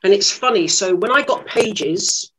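A middle-aged woman, a lively, self-mocking actress telling stories in an interview. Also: medium pitch, a little slow, breathy edge, rough recording. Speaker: actress guest. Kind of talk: anecdotal interview storytelling.

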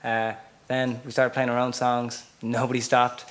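A man's voice: medium pitch, monotone, normal speed. A musician, a man, chatting on stage in a hesitant way, with many fillers and easy laughs. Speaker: musician guest. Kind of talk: casual chat on stage.

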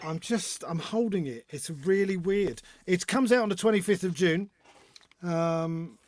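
Brief: man, 50s, high-pitched, dry close sound, chatty guest who acts out stories. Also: measured pace, dry recording. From North London, England. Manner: animated storyteller, acts out voices. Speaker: guest author and comedian. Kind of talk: casual chat.

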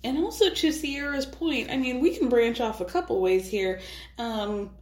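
A woman's voice: a little high, moderate pace, darkish tone. A woman hosting a podcast, recapping a reality show in a chatty, sarcastic way and swearing freely. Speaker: podcast host. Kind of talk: casual recap commentary. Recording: roomy echo.

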